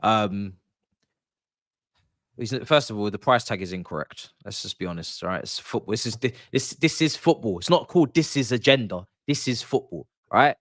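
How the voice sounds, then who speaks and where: A man's voice: on the low side, expressive, normal speed, a bit bright, no room sound, studio quality. A man giving his views as a football pundit in casual podcast chat, confident and emphatic, often repeating his points.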